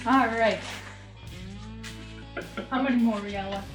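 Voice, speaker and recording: High-voiced playful woman co-host. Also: fairly even intonation, unhurried, long pauses, reverberant, faint music behind. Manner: playful, giggly, jokey announcer voice. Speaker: podcast co-host. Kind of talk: casual chat.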